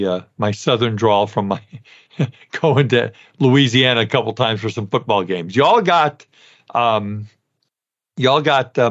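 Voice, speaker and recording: A man in his sixties talks through advice in a relaxed, folksy way, calling his listeners folks. His voice sits at an ordinary middle pitch. The podcast audio sounds a little dull. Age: 60s. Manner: folksy, addresses listeners as folks, many fillers. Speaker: podcast host, dental finance advisor. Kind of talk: casual advisory podcast talk.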